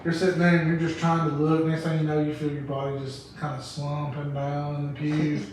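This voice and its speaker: A man's voice: on the high side, monotone, fairly quick, a little mellow, a little hiss or hum. Laughing man in a very echoey room. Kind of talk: casual chat, retelling comedy bits. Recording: very echoey room, mic far off.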